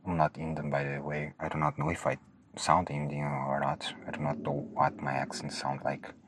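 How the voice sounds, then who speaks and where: Guy w a super low gravelly voice, rambling nervous podcast monologue, keeps restarting. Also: normal speed, a little hiss or hum. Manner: hesitant, self-deprecating, restarts often. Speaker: podcast host.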